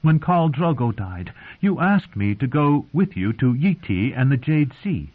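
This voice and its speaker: A proud young queen, voiced by a man, sharp and accusing. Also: medium pitch, sing-song, measured pace, voice pushed up. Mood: interrogating. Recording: narrow phone-like sound.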